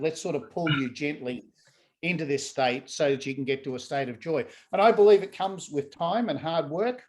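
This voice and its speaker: Animated, fairly high-voiced man. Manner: animated, acts out what people say. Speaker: laughter yoga trainer, guest. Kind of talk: casual conversation.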